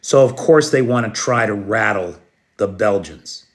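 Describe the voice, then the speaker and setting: A man's voice: on the low side, animated, measured pace. An American man hosting a live news stream, blunt and sarcastic, who swears now and then and talks directly to his chat viewers. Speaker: livestream news host. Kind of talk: unscripted live news commentary.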